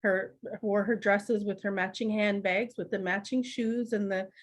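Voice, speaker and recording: A woman's voice: medium pitch, normal speed. Woman, middle aged, chatty storyteller on a podcast, laughs a lot. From Canada. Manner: laughs often, animated anecdotes with acted quotes. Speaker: podcast guest. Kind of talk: conversational storytelling.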